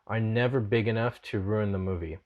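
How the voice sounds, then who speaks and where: A man's voice: on the low side, fairly quick, lo-fi sound. A man hosting a casual podcast chat, talking in an earnest, reflective way and laughing often. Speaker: podcast host.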